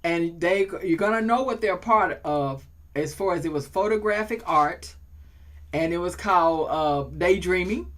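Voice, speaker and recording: A woman's voice: lowish voice, unhurried. A woman hosting a talk show, chatting playfully and building to preacher-like repetition. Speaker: show host. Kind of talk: casual talk show chat.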